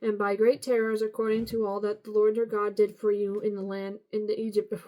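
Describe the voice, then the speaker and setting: A woman reading the Bible aloud at a steady pace, now and then stumbling and correcting herself. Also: mid-range voice, a little fast, poor audio. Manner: steady reading with occasional slips and self-corrections. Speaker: Bible reader.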